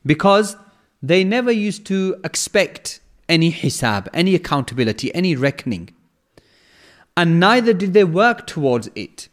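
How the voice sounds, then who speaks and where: Measured man explaining scripture, higher-pitched voice. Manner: measured, repeats phrases for emphasis, recites in Arabic. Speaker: Quran lecturer. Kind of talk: explanatory religious lecture.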